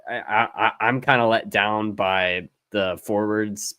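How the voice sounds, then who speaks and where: A man with a lowish voice co-hosts a sports podcast, recorded close and dry with no room sound. He thinks aloud, halting and restarting his sentences as he talks through the game. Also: steady tone, clear, resonant tone, no echo. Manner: halting, with restarts and soft laughs. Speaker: podcast co-host. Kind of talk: casual sports podcast chat.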